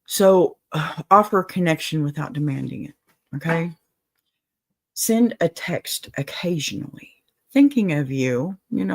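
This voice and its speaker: Slow, low-voiced woman giving gentle advice. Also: lively intonation, vocal fry. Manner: gentle, reassuring, apologetic asides. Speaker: advice show host. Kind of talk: casual advice talk to a viewer. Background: dog in the room.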